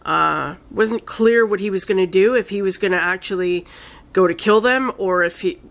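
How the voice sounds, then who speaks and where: Woman rambling, excited film reviewer. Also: mid-range voice, moderate pace, creaky. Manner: rambling, enthusiastic retelling full of "like" and "you know"; swears casually. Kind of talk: casual spoken film review.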